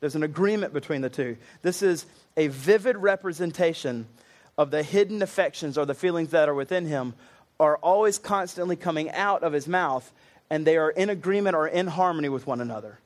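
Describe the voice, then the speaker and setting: A man's voice: a little high, a little fast. A man preaching a sermon, earnest and conversational, with casual asides to the congregation.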